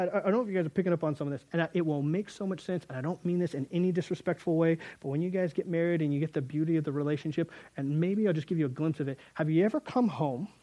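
High-voiced male preacher. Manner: lively and conversational, acting out dialogue. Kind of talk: sermon reading and explaining scripture.

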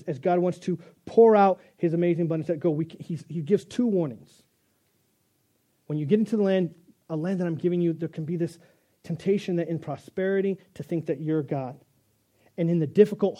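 A man's voice: on the high side, mellow. A male pastor delivering a conversational sermon, joking and restarting as he goes.

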